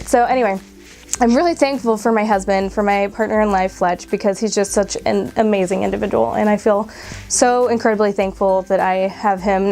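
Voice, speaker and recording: A woman's voice: medium pitch, darkish tone. A woman in her twenties talking casually to camera, emotional and close to tears, with laughs between her words. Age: 20s. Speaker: vlogger.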